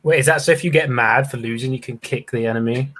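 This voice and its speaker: A man's voice: medium pitch, fast, fairly bright tone. British man co-host, chatty and curious, always asking questions. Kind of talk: casual livestream chat.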